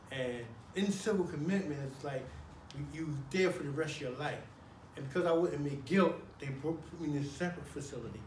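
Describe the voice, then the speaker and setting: A man telling an animated story about his years in prison, often acting out guards and shouting. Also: high voice, slight background noise. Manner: animated, acts out guards and himself with loud shouted bursts. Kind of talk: spoken personal storytelling to a live audience. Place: talk at a college hall. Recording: roomy hall, mic at a distance.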